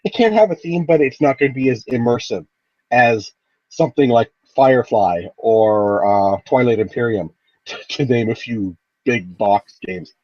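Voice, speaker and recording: A man's voice: mid-range voice, normal speed, darkish tone, no room sound, muffled recording. A man chatting easygoing as a guest, laughing lightly between points. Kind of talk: casual chat.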